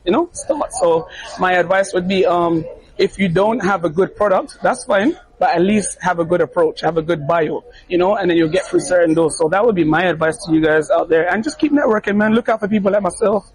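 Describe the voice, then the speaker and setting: High-voiced British man, laughing and friendly. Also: fairly quick, poor audio. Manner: laughs often, friendly, gives earnest advice. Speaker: DJ and interview guest. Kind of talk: casual interview answers. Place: backstage media room at a music festival.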